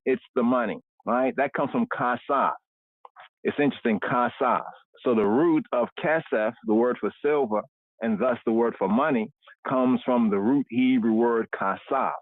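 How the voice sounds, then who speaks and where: A man leads a scripture word study and keeps checking in with "right?" after almost every phrase, repeating key words again and again. His voice comes through thin and phone-like. The sound is dry, with no room echo. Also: mid-range voice.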